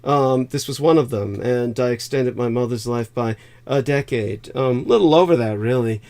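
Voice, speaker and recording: A man's voice: medium pitch, a little mellow. Rambling man hosting a livestream. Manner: rambling, halting with many fillers, bursts of laughter. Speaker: livestream host. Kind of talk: casual livestream chat.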